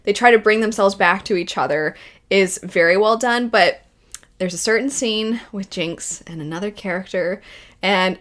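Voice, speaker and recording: A woman's voice: mid-range voice, moderate pace, a bit bright. A young woman hosting a video essay, gushing and rambling with emotion about stories she loves. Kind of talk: casual enthusiastic commentary.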